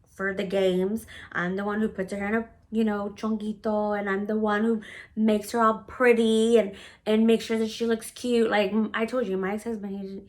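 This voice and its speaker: A woman in her thirties telling a personal story to camera in a blunt, profane, animated way, acting out what people said. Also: medium pitch. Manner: blunt and profane, animated, acts out quoted lines. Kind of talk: casual storytime monologue.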